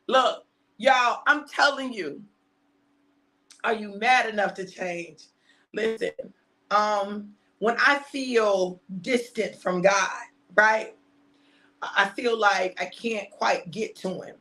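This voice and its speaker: A middle-aged woman preaching an energetic sermon, animated and repetitive, laughing and shouting for emphasis. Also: medium pitch, takes it slowly. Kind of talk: energetic sermon on a live stream.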